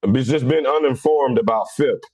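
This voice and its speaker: A man's voice: medium pitch, moderate pace, no room sound. Blunt man from Cincinnati livestreaming. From Cincinnati, USA. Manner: blunt, animated, rough-edged. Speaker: livestream host. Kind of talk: casual livestream talk.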